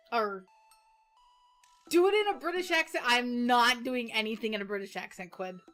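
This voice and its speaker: A woman's voice: mid-range voice, fairly bright tone. A woman streamer chatting playfully through a game, swearing and laughing as she answers her chat. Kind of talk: casual let's-play commentary. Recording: game music playing behind.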